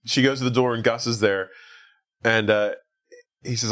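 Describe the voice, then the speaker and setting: A man's voice: medium pitch, steady tone, brisk, long pauses, fairly bright tone. Man casually recapping a movie. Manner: rambling recap with acted-out quotes and laughs. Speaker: podcast host.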